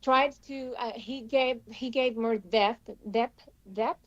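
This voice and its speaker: Halting woman with English. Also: a little high, steady tone, no echo. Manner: halting, with many fillers. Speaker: actor playing the evil queen. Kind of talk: radio interview guest. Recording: dull, dry studio sound.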